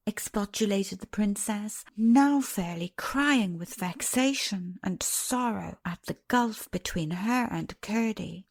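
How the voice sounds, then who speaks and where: A woman narrates a classic storybook in an expressive, animated voice. Her pitch moves widely and a gravelly texture shows through. She drops to a soft, breathy hush on the speech tags. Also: slow pace. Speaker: audiobook narrator.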